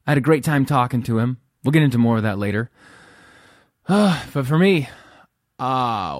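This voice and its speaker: Male podcast host from Central California, lowish voice, dry close sound, wry, rambling, self-mocking. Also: no room sound. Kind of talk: casual solo podcast monologue. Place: at home.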